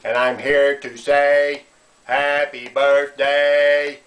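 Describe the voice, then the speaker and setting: A man's voice: mid-range voice, level tone, very slow, a bit bright. A man voicing a silly, chatty male duck puppet that quacks and teases. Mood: playful. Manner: playful teasing, quacking.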